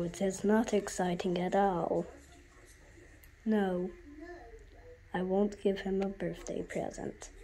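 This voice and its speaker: A woman's voice: mid-range voice, mellow. A woman streaming a game, chatting in a silly, contrary, sing-song teasing way. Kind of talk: playful game commentary.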